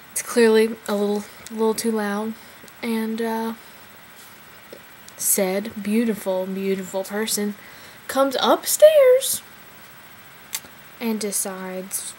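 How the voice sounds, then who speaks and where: A woman in her twenties telling a funny personal story in a chatty, animated way with big swings in pitch. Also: slow, pauses often, a little hiss or hum, low-quality recording. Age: 20s.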